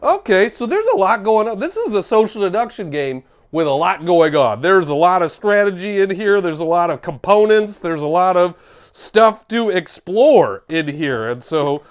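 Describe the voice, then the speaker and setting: A man hosting a comedic board game unboxing, talking in an animated, jokey way and exclaiming over each component. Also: high voice, unhurried.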